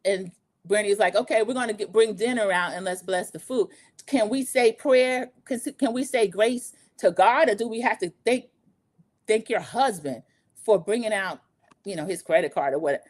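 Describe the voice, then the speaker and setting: A woman hosting a casual reality show recap, chatty and lively, acting out the quotes she retells. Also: medium pitch, moderate pace. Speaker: recap podcast host.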